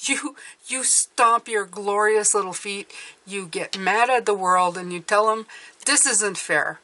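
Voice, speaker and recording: A woman's voice: medium pitch, fairly even intonation, a little slow, bright, forceful tone. A woman giving a casual tarot reading, chatty and often restarting her words. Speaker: tarot reader.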